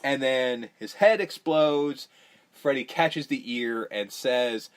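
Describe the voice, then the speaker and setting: A man's voice: medium pitch, unhurried. A man hosting a podcast, recapping a horror movie in casual, profane chat and acting out characters' lines as he goes. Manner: animated, profane, mimics characters mid-story. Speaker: podcast host.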